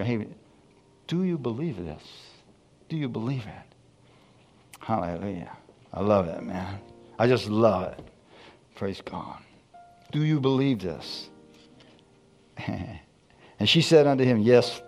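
A man preaching a sermon, reading scripture slowly and calling out to his congregation. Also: fairly low pitch, darkish tone.

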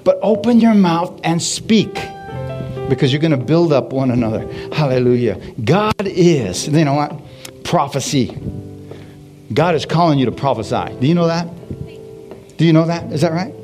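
At a church service, a pastor with a fairly high voice preaches at a normal pace, full of energy. He throws questions to the congregation in call-and-response style and keeps repeating "Hallelujah," with faint music playing in the background.

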